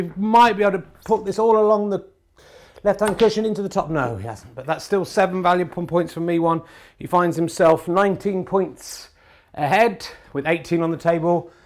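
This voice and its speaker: A middle-aged man with an English accent, hosting a comedy podcast in excitable, hesitant mock snooker commentary. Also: high voice, slight background noise. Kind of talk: comic mock sports commentary.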